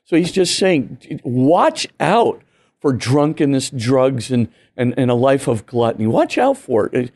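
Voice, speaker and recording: A man's voice: medium pitch, very animated, a little slow, a little mellow. A man, a priest, explaining earnestly and emphatically in an interview, full of "you know" and "right?" asides. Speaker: priest and guest author. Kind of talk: animated teaching talk in an interview.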